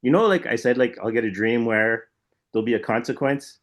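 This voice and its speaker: A man co-hosting a podcast, retelling a dream in a rambling, animated way, full of "like" and "right?". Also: medium pitch, fairly quick. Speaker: podcast co-host. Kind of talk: casual chat, storytelling.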